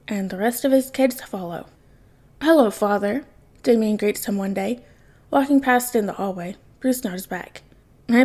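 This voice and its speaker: A woman reading a fan fiction story aloud in soft, unhurried narration. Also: medium pitch. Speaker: podfic reader.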